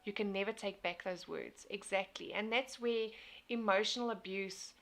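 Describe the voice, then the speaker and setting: A woman's voice: medium pitch, normal speed, fairly bright tone, slight background noise. A young woman, hosting a casual motivational live stream, talking earnestly and reading out viewer comments. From South Africa. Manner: earnest, repeats and restarts phrases.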